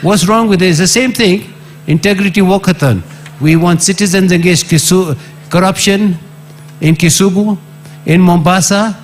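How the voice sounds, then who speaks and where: A middle-aged Kenyan man with a Kenyan accent, once a member of parliament, delivers an impassioned public address at normal speed. He's emphatic and repetitive, his pitch jumping suddenly, with slight background noise in the recording.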